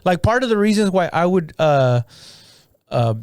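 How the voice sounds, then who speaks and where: A man, a stand-up comic, chatting crudely on a podcast, laughing often and telling animated stories. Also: sits high, moderate pace, clear, resonant tone, no room sound, clean studio sound. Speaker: podcast co-host. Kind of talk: casual comedian chat.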